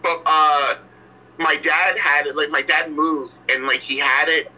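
A man guesting on a casual podcast, telling an anecdote in a halting way with restarts. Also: a little high, fairly even intonation, bright, forceful tone, poor audio.

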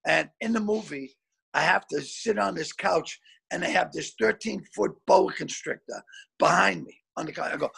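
An older man over sixty telling loud, swearing anecdotes as a comedian guest over a video call, often repeating words as he goes. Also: sits high, moderate pace, vocal fry, husky. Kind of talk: storytelling anecdotes.

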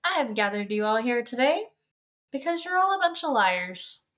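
A woman's voice: on the high side, big pitch swings, fairly bright tone, voice pushed up. A woman doing a sneering cruel king. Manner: mocking, drawn-out sarcasm. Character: cruel scheming male king, taunting and sneering. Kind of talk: casual book-club recap acting out scenes.

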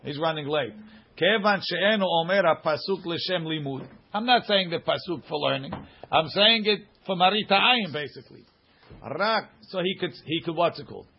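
A man teaching a religious law class, reading source text quickly and then explaining it casually to students, in a dull lo-fi recording. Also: fairly high pitch, lively intonation, slightly rough.

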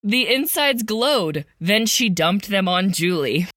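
A woman's voice: mid-range voice, lively intonation, slow pace, a bit bright, dry recording, clean studio sound. A woman co-hosting a podcast, reciting a comic holiday poem and chatting, often breaking into giggles. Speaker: podcast co-host.

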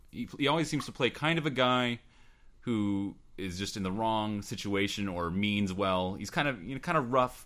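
A man's voice: lowish voice, a bit bright. A man co-hosting a casual movie podcast, rambling and hesitant with frequent restarts. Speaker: podcast co-host.

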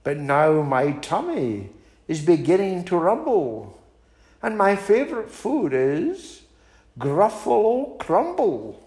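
An older man with a Scottish accent voicing a bold, clever little male mouse in a high, chirpy voice. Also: huge pitch swings, slow, a little mellow, full character voice. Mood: cheeky.

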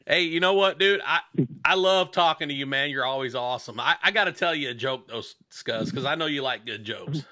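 A man's voice: medium pitch, a little fast, pushed and bright. A man hosting a radio show, chatting casually and telling a long crude joke in a rambling, profane way. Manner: profane, rambling storyteller who voices the joke's characters.

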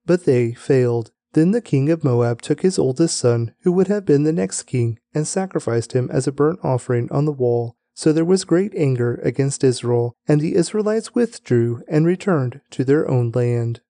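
A man giving a daily Bible reading aloud, with a measured, even delivery and slow, deliberate headings. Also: medium pitch, dry recording. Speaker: scripture reader.

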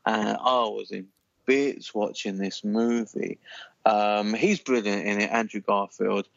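A man chats with gravelly fry in his voice, rambling enthusiastically through his thoughts and padding them with fillers. The sound is dull and lo-fi, and the dry recording has no room echo. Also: on the low side, fairly even intonation, takes it slowly. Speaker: podcast co-host. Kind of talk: casual chat.

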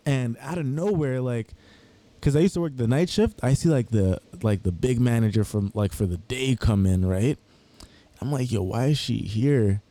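A man's voice: medium pitch, moderate pace, dark tone, dry recording. Laid-back young man. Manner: laid-back, rambling, New York slang. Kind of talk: casual storytelling among friends.

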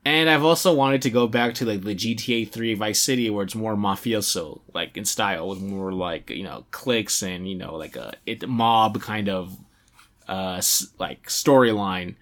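Rambling man with a low voice. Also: moderate pace. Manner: rambling, heavy use of "like", animated. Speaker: podcast co-host. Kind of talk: casual chat about video games.

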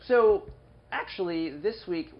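The host's voice sits high and expressive as he banters on his podcast in a small studio, teasing himself and delivering quick promo lines. It's a muffled recording.

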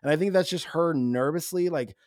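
A man's voice: a little high, brisk, darkish tone, no room sound, studio quality. A man co-hosting a film podcast, telling stories with enthusiasm and mimicking people. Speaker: podcast co-host. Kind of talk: casual film discussion.

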